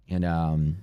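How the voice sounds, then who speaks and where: Low-voiced stuffy man thinking aloud. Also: warm tone. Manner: offhand, thinking aloud while reading out numbers. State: congested with sniffles. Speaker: live-stream day trader. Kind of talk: casual live-stream commentary.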